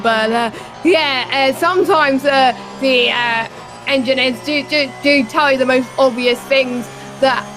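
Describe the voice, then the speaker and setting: A woman co-commentating an online sim race, chatty and full of fillers, getting excited in close battles. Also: high-pitched.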